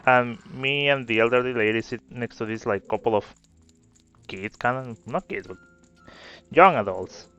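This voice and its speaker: A man with a smooth, clean-toned voice chats loosely while he plays, drifting between a personal story and the game in front of him. He rambles and swears freely. The audio is slightly dull, with faint game music underneath. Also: mid-range voice, normal speed, sharp tone. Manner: rambling, swearing, laid-back. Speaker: gameplay video creator. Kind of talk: casual gameplay commentary with storytelling.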